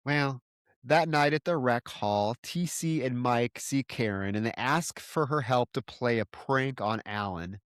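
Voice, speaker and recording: A man's voice: mid-range voice, a little slow, a bit bright, clean tone, no echo. A man co-hosting a podcast, recapping a film plot in casual chat and acting out the characters' lines in a self-deprecating way. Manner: retells scenes with acted-out character quotes, self-deprecating. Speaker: podcast co-host.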